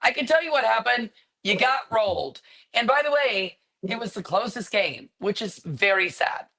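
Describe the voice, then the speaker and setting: A woman co-hosting a casual sports talk show. She rants with emphatic sarcasm, and her voice sits slightly high. Her tone is bright and forceful. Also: lively intonation, normal speed, creaky, poor audio. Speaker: podcast co-host.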